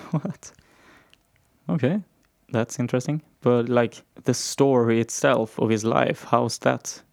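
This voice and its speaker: A man chats casually, arguing his point insistently but playfully and laughing easily. His voice sits at an ordinary middle pitch. The sound is close and dry. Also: takes it slowly, gravelly, a little mellow, no room sound. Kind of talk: casual chat.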